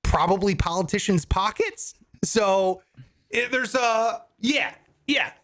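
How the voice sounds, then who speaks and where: A man's voice: high voice, takes it slowly, dry recording. A man co-hosting a comedy finance podcast, explaining with jokes and casual swearing. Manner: animated, jokey, swears casually. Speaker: co-host.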